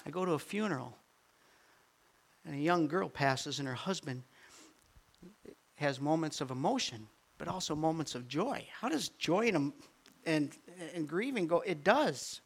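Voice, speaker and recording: An older man, a grandfather, preaching a sermon with animated swings from quiet asides to near-shouted peaks. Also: on the high side, unhurried, gravelly, husky. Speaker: pastor.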